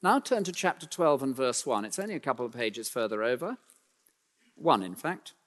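A man delivers a sermon emphatically, his pitch and force rising on key points before sinking low and quiet, with dry self-deprecating asides thrown in. He's expressive and keeps a moderate pace, and the recording has a long reverb tail.

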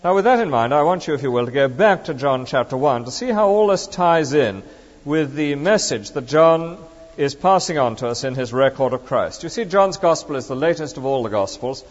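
A man's voice: mid-range voice, expressive, normal speed. A man preaching a sermon with emphatic, rhetorical questions to the congregation. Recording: dull lo-fi recording with long reverb.

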